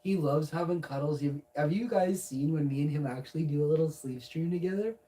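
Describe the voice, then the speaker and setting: A man's voice: a little high, brisk, dark tone, distant mic, rough recording. A man streaming live, goofy and rambling, talking casually to viewers and lapsing into baby talk with his cat. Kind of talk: casual livestream chat.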